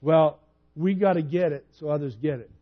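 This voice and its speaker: With a slightly high voice and a normal speaking speed, this pastor in his fifties comes through dull audio. His sermon is conversational and built on personal storytelling, which turns animated when he retells events.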